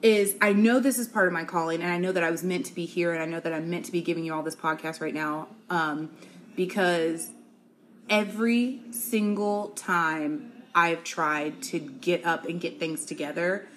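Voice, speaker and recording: A young adult woman hosting a casual solo podcast, gossiping in an animated way, laughing often and calling her listeners y'all, sis and honey. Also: fairly low pitch, normal speed, a little hiss or hum. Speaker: podcast host.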